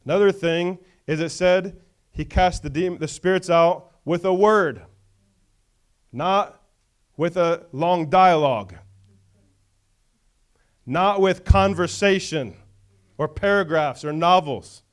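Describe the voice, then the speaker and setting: A man's voice: high-pitched, slow, long pauses, smooth. A male pastor preaching a conversational sermon, often checking in with the congregation.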